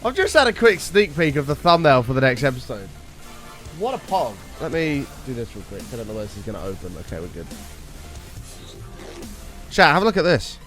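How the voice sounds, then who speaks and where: Lively chatty man streaming games. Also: medium pitch, a little fast, pauses often, soft background music. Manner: chatty, greets viewers by name, excitable bursts. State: slightly rough voice. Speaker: live streamer. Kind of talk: casual gaming stream chat.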